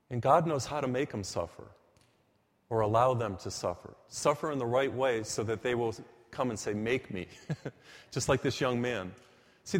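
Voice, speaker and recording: A man preaching a sermon in a church, emphatic and storytelling, shifting his pace for effect. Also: mid-range voice. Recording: reverberant church hall.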